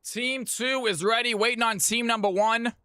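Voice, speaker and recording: A man hosting a live game stream, energetically giving shout-outs to chat and calling out teams. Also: very high-pitched, steady tone, normal speed, smooth, no echo, studio quality.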